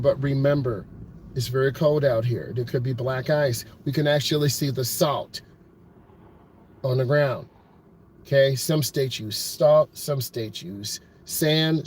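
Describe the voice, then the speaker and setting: A man teaching driving from inside a moving car, coaching the viewer calmly and repeating his points. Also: medium pitch, a little slow. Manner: calm, repetitive coaching, talks to the viewer. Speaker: driving instructor. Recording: road and engine noise behind.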